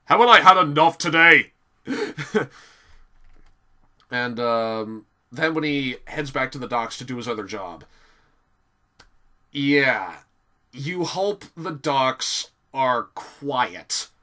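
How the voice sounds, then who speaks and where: A man giving a casual, animated video review, often laughing and filling pauses with "um". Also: medium pitch. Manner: animated, giggly, many fillers.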